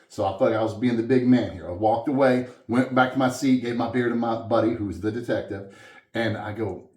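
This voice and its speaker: A man's voice: on the low side, fast talker, echoey room. A man from Southwest Louisiana, a musician guest, telling a story in a casual interview at a coffeehouse and acting out the voices of the people in it. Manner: animated storyteller, quotes others with lively swings. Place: coffeehouse, indoors.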